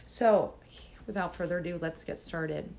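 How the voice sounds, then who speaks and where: Nervous, earnest woman, slightly low voice. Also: normal speed, creaky, darkish tone, a little hiss or hum. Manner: nervous and emotional, close to tears, with nervous laughs; earnest and encouraging when addressing other moms. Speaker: mom coach. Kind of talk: personal vlog talking to camera.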